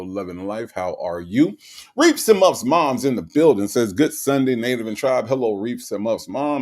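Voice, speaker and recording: A man hosting a casual livestream, reading viewers' chat messages aloud and ranting, often profane. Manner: animated, swings high in pitch when ranting, profane; reads chat comments aloud and greets viewers.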